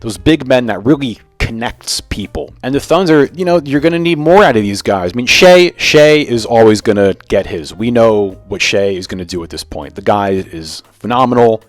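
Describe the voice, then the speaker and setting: A man's voice: mid-range voice, lively intonation, moderate pace, few pauses, no echo. A young man hosting a casual sports commentary vlog, opinionated and ranting about the game. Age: young adult. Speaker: sports video host.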